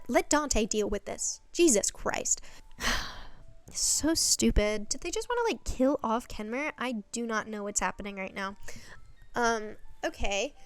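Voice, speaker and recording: Woman host, casual recap, sarcastic and exasperated, smooth clear voice, dry close mic. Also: a little high, no room sound. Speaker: video essay host.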